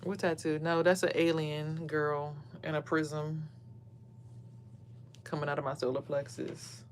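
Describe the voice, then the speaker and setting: A woman's voice: sits low, measured pace, slight background noise. A woman venting casually to camera as a spiritual reader, blunt and profane. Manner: blunt, swears a lot, animated quoting of others.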